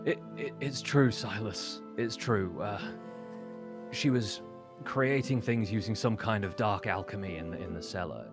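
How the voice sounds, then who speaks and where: A man's voice: on the low side, unhurried, music in the background. A man voicing a nervous, honest male accomplice who stammers out a confession. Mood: earnest.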